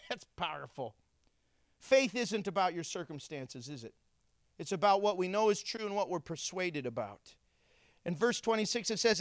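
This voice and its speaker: Guy preaching, pretty high voice, dry close sound, gets animated and plays out the story. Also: moderate pace, no echo. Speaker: pastor. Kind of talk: sermon.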